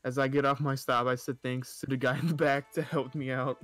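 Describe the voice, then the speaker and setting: A man's voice: mid-range voice, little pitch movement, fairly quick, a bit bright, no echo. A young man casually reading stories aloud, stumbling over words and often breaking into laughter and mocking asides.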